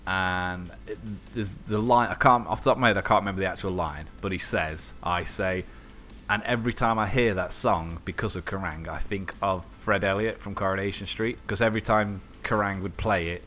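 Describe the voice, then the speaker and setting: Low-voiced man telling animated anecdotes. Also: fairly quick, a little hiss or hum. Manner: swears freely, animated anecdotes, acts out quoted voices. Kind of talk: casual chat.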